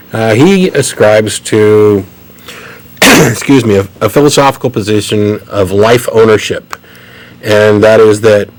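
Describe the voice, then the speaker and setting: A young man co-hosting a call-in show, speaking briskly and articulately as he tells his own story. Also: fairly low pitch, rough recording. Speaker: co-host.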